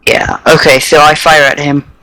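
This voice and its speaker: A man's voice: a little high, level tone, normal speed, pushed and bright, no echo, rough recording. A man playing a tabletop game, talking in a hesitant, casual way. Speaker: player.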